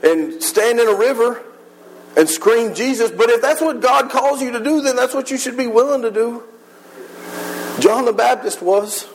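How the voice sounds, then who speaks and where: A man's voice: extremely high pitch, normal speed, a little hiss or hum, poor audio. A man preaching a sermon in church, earnest and conversational, acting out little voices as he retells a scene.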